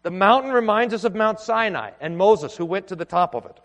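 Guy preaching in a big echoey church, kinda high voice, earnest, stops and restarts a lot. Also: expressive, fairly quick, a bit bright. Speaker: pastor. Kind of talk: sermon. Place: church sanctuary. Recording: long hall reverb.

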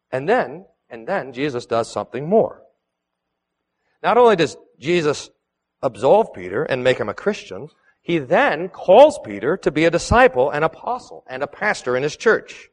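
A male pastor delivers a sermon in a church sanctuary, his voice sitting a bit high for a man. He preaches earnestly, pressing some lines hard and letting others fall quiet. A long reverb from the hall trails behind his words. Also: very animated, moderate pace. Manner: earnest preaching with emphatic rises and soft drops.

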